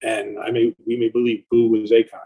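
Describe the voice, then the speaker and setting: Man, husky voice, middle-aged, casual interview storyteller, swears a lot, mid-pitched. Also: a little fast, poor audio. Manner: profane, animated anecdotes. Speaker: record label founder.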